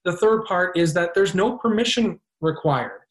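A man with a somewhat high-pitched voice talks through his ideas in a relaxed political discussion. He explains step by step and leans on fillers as he builds each point. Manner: measured, explanatory, filler-heavy. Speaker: guest.

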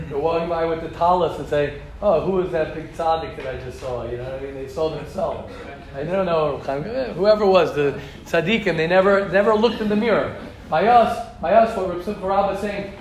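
A middle-aged American man giving an informal religious lecture to a group in a study hall, animated and repetitive, acting out quoted speech. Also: a little high. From United States. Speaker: Torah class teacher. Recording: roomy hall, faint ambient noise.

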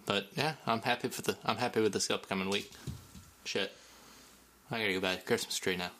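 Brash, bright-voiced male podcast co-host. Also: lowish voice, steady tone, brisk, a little hiss or hum. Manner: brash, joking, profane. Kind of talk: casual podcast chat.

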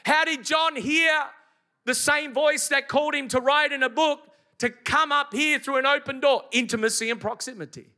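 A pastor preaches to his church with a very high pitch and a bright, forceful tone. He drives points home with emphasis and often puts questions to the congregation. A man's voice, ringing out in a live sermon. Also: moderate pace. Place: church service before a congregation.

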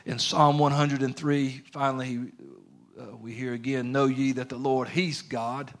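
An earnest man preaching a Bible lesson. His delivery is conversational and homespun rather than grand, with loose everyday grammar. His pitch sits in a middle range for a man. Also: little pitch movement, unhurried. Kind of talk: sermon.

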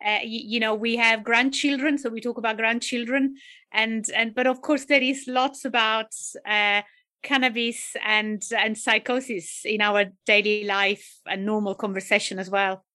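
A woman's voice: on the high side, steady tone, normal speed, sharp tone. An older woman, a psychiatrist and researcher, chatting and telling stories as an interview guest over a video call from home. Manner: chatty, storytelling, laughs easily. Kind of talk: interview conversation. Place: home, pets behind.

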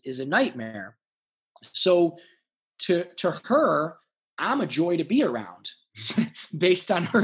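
A man's voice: a little high, husky. A middle-aged man as a podcast guest, talking intensely and emphatically about hard experiences, often repeating words as he gets worked up. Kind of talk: emotional interview talk.

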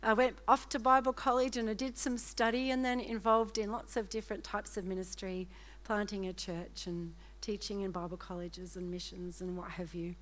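A woman's voice: medium pitch, level tone, normal speed. A middle-aged woman with an Australian accent, giving a chatty, self-mocking sermon testimony and laughing often. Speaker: preacher.

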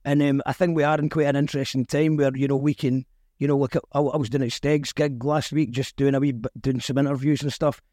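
A man's voice: medium pitch, level tone, fast talker, dark tone, no echo, clean studio sound. Chatty Scottish man hosting a chat show. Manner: chatty, reads viewer comments aloud. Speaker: podcast host. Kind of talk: casual interview chat.

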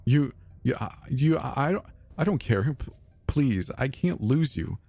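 A man's voice: mid-range voice, animated, a little slow, vocal fry, dark tone, soft background music, pitched above the performer's own voice. A man voicing a desperate young man who pleads through tears, his voice breaking. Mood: tearful pleading.

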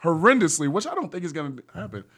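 A man's voice: fairly high pitch, very animated, fast, fairly bright tone, husky. Loose, profane man talking sports. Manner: loose, profane and laughing often. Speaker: podcast co-host. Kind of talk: casual sports chat.

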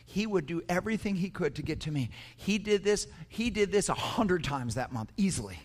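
An older man with a fairly high voice preaches a sermon, his words ringing in a long-echoing hall. He tells a personal story earnestly and with feeling, often repeating himself as he builds. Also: animated, fairly quick. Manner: earnest, emotional storytelling with repetitions. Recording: echoey hall.

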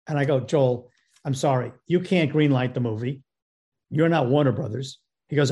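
A man, a film producer and director, telling a story as a guest and acting out both sides of phone calls in an animated way. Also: medium pitch, fairly quick. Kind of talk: storytelling anecdote.

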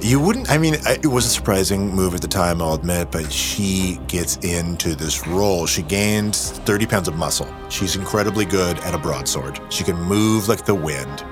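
A man co-hosting a comedy podcast, rambling through an improvised movie plot with animated, mock-outraged storytelling. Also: low voice, normal speed, hardly any pauses, music in the background.

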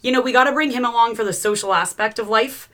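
A woman's voice: a little high, quick pace, fairly bright tone. Blunt joking woman podcast co-host. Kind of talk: casual chat.

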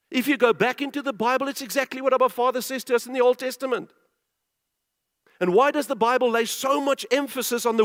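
High-voiced man preaching in a reverberant hall. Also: fairly bright tone. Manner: emphatic, asks the listeners rhetorical questions; urges listeners to pay attention, repeating himself. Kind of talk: sermon. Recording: long reverb of a large hall.

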